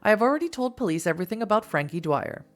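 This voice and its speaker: A woman's voice: mid-range voice, very animated, rapid-fire, soft background music, pitched above the performer's own voice, close to an everyday voice. A woman reading a curt, stern older shelter matron. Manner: curt, disciplined.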